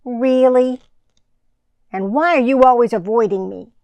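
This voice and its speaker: A curious young boy asks earnest questions in a storybook tale, as a woman reads him. His voice is a little high and slow. The sound is dry and close. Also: a little mellow, no room sound.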